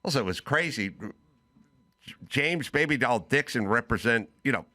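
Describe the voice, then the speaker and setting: A man's voice: mid-range voice, unhurried. A middle-aged man hosting a talk show, telling a casual story and acting out both sides of a phone call. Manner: animated, voices both sides of a phone call in quoted bits. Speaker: podcast host.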